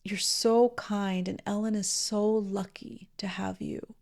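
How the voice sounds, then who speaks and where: A woman's voice: medium pitch, little pitch movement, slow, gravelly, a little mellow. A woman doing an earnest, hesitant man. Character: earnest man moved by a stranger's kindness.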